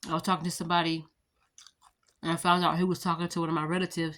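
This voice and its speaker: A woman's voice: fairly low pitch, flat delivery, quick pace, long pauses, a bit bright. A woman in her thirties chatting casually to her viewers, rambling through storytime anecdotes and addressing them as y'all. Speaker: vlogger.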